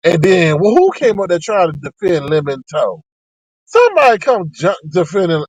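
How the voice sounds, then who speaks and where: A man rants sassily to his live-stream chat, his voice jumping from low grumbles to high squeals. The sound is close and dry, with no room echo. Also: normal speed. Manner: sassy and animated, with sharp pitch swings. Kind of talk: ranting live-stream commentary.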